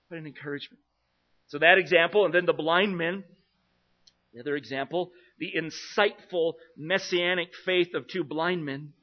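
A man preaching an expository sermon, earnest, swinging between emphatic passages and quiet ones. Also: on the high side, moderate pace. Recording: dull lo-fi sound.

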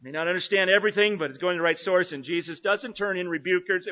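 A man's voice: sits high, racing. Earnest male preacher, muffled sound. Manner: earnest, rising to emphatic and dropping to quiet. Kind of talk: expository sermon. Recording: dull lo-fi sound.

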